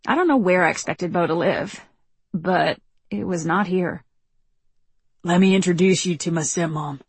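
A woman narrating a first-person audiobook in a measured, reflective way, recorded close on a studio mic. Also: on the low side, darkish tone, breathy edge, dry recording.

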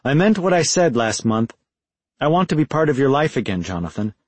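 A man's voice: medium pitch, very animated, fairly quick, slightly rough, no room sound, voice pushed up. A man doing a pleading, remorseful jailed father. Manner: pleading, apologetic. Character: remorseful middle-aged man, incarcerated father.

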